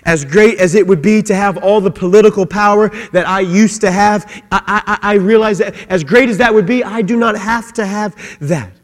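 High-voiced impassioned male preacher. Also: moderate pace, hardly any pauses, big-room sound. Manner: impassioned, repeats phrases, builds to rising fervor. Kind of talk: sermon.

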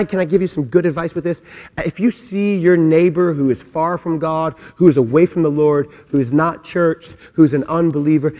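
A man preaching a sermon as a pastor, animated and humorous, acting out little voices to make his point. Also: on the high side. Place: church sanctuary. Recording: long hall reverb.

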